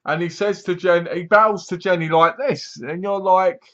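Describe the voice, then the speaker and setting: A man's voice: high-pitched, fairly even intonation, normal speed, hardly any pauses, a bit bright. A man giving a casual spoken review of a horror movie, sarcastic and mocking, acting out scenes as he goes. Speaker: film reviewer. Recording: dull lo-fi sound.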